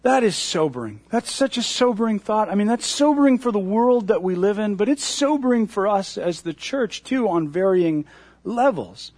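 A male pastor delivering a sermon in a high, husky voice that leaps up and down as he acts out voices of a cheering crowd. The sound is dry and close, with no room around it. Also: moderate pace, dry recording. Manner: animated, acts out crowd voices with big pitch jumps.

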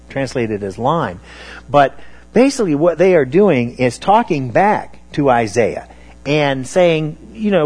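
A man preaching a sermon on scripture, talking in a halting way with many fillers and restarts. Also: medium pitch, a little mellow.

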